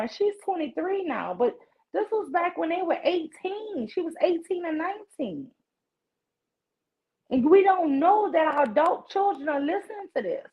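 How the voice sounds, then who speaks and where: A woman in her forties, a guest on a livestream, telling her story in an outraged, emphatic way over a video call. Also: very high voice. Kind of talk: candid livestream conversation. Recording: muffled lo-fi stream audio.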